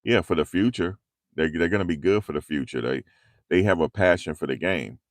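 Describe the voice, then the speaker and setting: A man's voice: low-pitched, brisk, no echo, clean studio sound. A man, chatting casually with viewers on a livestream, joking and answering comments, speaking into a handheld clip mic. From tri-state area around New York. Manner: loose, joking, reads and answers chat. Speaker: livestream host. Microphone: handheld lavalier mic.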